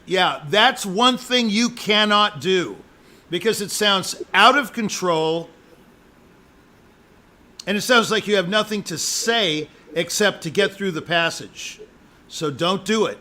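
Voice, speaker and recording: A man's voice: sits high, lively intonation, a little slow, bright, forceful tone. A man giving a musician live spoken feedback as an audition judge, emphatic and jokey, repeating his points.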